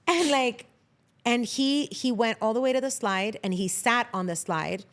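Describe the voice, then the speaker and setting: A woman guest on a podcast, telling lively stories in casual chat, acting out what people said and swearing freely. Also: a little high, a little slow.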